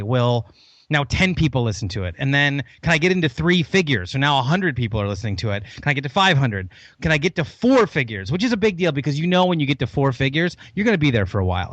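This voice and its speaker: A man's voice: medium pitch, fairly bright tone, no echo, lo-fi sound. A man guesting on a podcast interview, enthusiastic and long-winded, rambling through his story. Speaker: podcast guest, host of another show.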